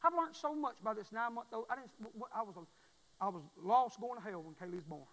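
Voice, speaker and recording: High-voiced preacher man. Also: quick pace, in a large hall, low-quality recording. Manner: fervent, repetitive preaching that swells to loud pleading. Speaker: pastor. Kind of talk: sermon. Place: church.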